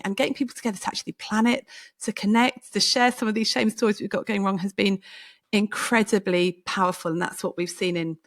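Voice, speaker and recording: A woman hosts a relaxed podcast chat in a mid-pitched voice. She talks in a lively, self-mocking way and laughs easily. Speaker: podcast host. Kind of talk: casual conversational interview.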